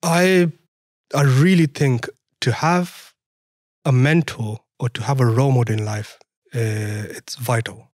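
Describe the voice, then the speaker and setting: A man's voice: mid-range voice, fairly even intonation, measured pace, a little mellow, dry recording, clean studio sound. A young man with a French accent, telling his story as a podcast guest, laughing often and acting out conversations. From France. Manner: laughs often, re-enacts dialogue animatedly. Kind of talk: casual storytelling interview.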